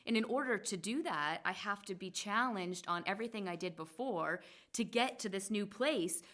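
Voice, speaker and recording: A woman's voice: medium pitch, normal speed, a bit bright. A woman in her forties, a salon co-owner, telling her story candidly in casual podcast conversation, acting out remembered dialogue with lots of "like" fillers. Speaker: guest, salon co-owner and hairstylist.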